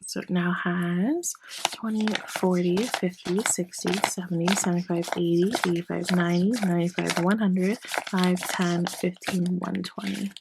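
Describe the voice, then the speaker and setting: A woman vlogging about her budget in a casual, chatty way, a little hoarse as she loses her voice, often counting cash out loud. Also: lowish voice, little pitch movement, normal speed, heavy background noise. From Canada. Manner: chatty, apologetic, counts bills aloud. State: losing her voice. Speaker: personal finance vlogger.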